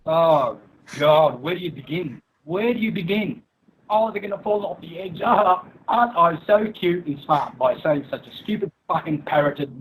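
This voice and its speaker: Scornful, profane ranting man with a high voice. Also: breathy edge, rough recording. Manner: profane, mocking, scornful, with bursts of laughter; menacing, threatening. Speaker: guest. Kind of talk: angry rant in an online interview.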